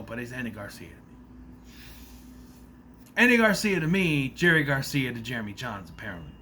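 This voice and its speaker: A man talks through a film's plot in a loose, rambling vlog style, dropping curses along the way. His voice is bright and swings widely in pitch. A faint room ambience sits behind him. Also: a little hiss or hum. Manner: rambling, loose, swears freely. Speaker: movie recap vlogger. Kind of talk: casual spoken movie recap.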